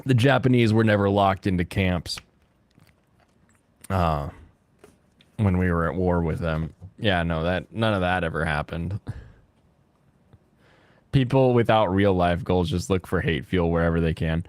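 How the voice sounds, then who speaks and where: A man's voice: low-pitched, a little slow, long pauses, dry recording. A man streaming a game who chats, rants and laughs often, speaking into a close desk mic. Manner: animated, ranting, laughs often. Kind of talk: casual gaming stream chat.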